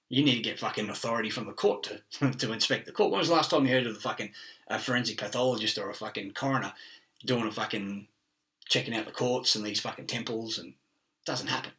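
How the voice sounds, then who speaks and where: A man's voice: mid-range voice, sharp tone, distant mic. A middle-aged man, rambling through a profane monologue, laughing and chasing wordplay and word origins.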